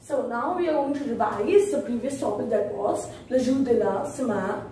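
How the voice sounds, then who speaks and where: High-voiced woman teaching, echoey room. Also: warm tone. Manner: slow, repeats each word for pronunciation. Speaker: French teacher. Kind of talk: casual spoken lesson. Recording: roomy echo from far off, faint noise.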